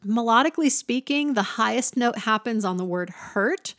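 A woman's voice: fairly high pitch, animated, moderate pace, a bit bright, no room sound, studio quality. A woman giving a casual, enthusiastic music lesson, breaking into sung examples now and then. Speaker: music teacher.

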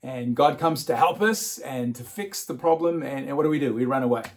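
A man's voice: mid-range voice, fairly quick. A man preaching an Easter sermon. He chuckles often and repeats words as he starts his phrases. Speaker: pastor.

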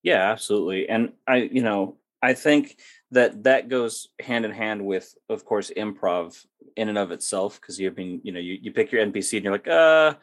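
A man hosting a podcast who runs tabletop games, asking questions in a halting, restarting way. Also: on the low side, steady tone. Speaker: podcast host and game master. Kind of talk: casual interview chat.

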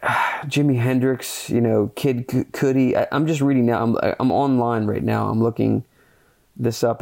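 With a gravelly, medium-pitched voice at a moderate pace, a man runs a solo podcast reviewing a film. The chat is casual and rambling, stuffed with fillers, earnest and excitable, with casual cursing.

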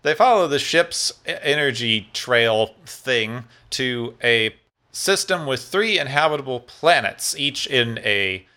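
A man co-hosting a casual recap chat with a wry, sarcastic edge. His tone is bright and forward. He summarizes the plot plainly and mocks it as he goes. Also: mid-range voice, animated, takes it slowly. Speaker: podcast co-host.

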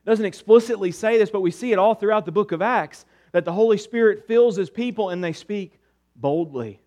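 A man with a high voice preaches to his congregation. He asks rhetorical questions and drops soft and low on the words he wants to land. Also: a little fast. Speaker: pastor. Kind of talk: sermon.

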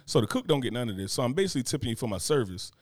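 A man's voice: mid-range voice, very animated, racing, dry recording, clean studio sound. A man co-hosting a podcast, chatting casually with a laid-back, slangy storytelling manner. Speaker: podcast co-host. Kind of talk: casual chat.

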